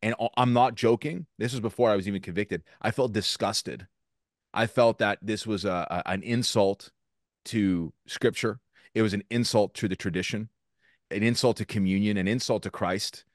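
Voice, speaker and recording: A man's voice: lowish voice, moderate pace, no room sound, studio quality. A man hosting a podcast, speaking earnestly about personal experience. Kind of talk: casual podcast discussion.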